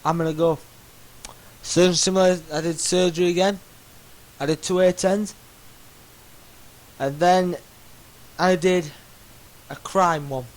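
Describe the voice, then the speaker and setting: A man's voice: high voice, steady tone, measured pace, pauses often, poor audio. A man ranting in exasperation over a game, stammering as he goes. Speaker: gamer. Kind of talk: game commentary rant.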